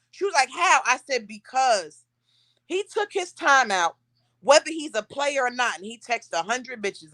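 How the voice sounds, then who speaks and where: A young woman hosting a casual chat, telling stories with animated, acted-out quotes. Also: a little high, normal speed, no echo. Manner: animated storytelling, acting out quotes. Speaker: podcast host.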